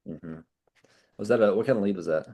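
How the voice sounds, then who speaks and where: A man leading an insurance sales team training, talking in a brash, animated way and swearing casually. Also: on the low side, brisk, creaky, breathy edge, lo-fi sound.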